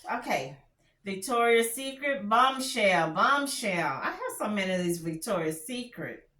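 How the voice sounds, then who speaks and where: A woman's voice: mid-range voice, sing-song, measured pace, sharp tone, echoey room, a little hiss or hum. A woman with a country Texas drawl chatting candidly as she reviews fragrances, often restarting her sentences. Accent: Texan. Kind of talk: casual product review chat.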